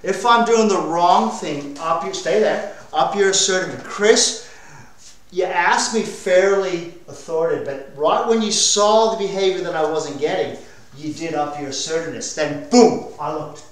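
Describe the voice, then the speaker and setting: A man coaching a dog owner in a hands-on training demonstration, energetic and direct. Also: high voice, moderate pace. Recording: echoey room, mic far off.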